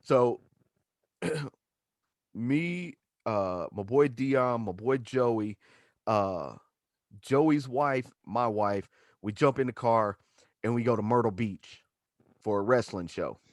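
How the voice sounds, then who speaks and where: A man's voice: medium pitch, takes it slowly, long pauses, no room sound, studio quality. A man, a stand-up comedian telling a profane story as a guest and acting out the quotes. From Chattanooga, Tennessee. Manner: animated, profane, acts out quotes.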